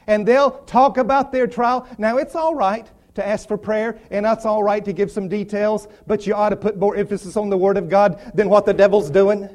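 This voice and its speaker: Guy preaching, pretty high voice, repeats lines and builds up loud, sermon style. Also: fairly even intonation, moderate pace, few pauses. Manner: repetitive, rising to emphatic declarations.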